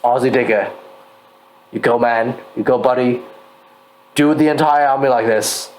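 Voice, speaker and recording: A drunk man co-hosting a casual chat, tipsy and loud, swearing freely. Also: medium pitch, unhurried, poor audio. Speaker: co-host reviewing painted miniatures.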